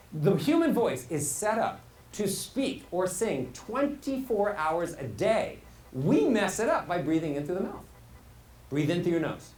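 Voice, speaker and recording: Animated male voice coach in a roomy hall. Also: sits high. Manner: animated, demonstrative, questions the audience. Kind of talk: live workshop teaching. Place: hall with a live audience. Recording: roomy echo, faint hall ambience.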